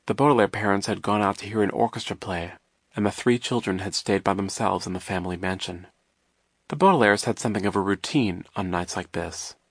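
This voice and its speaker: A man narrating an audiobook in a wry, measured storytelling manner. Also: deep voice, no room sound, clean studio sound.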